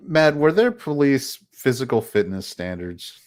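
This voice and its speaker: A man's voice: medium pitch, big pitch swings, measured pace, darkish tone. A man on a casual podcast, asking questions, cracking jokes and laughing often. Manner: joking, asks questions, laughs a lot. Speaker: podcast co-host.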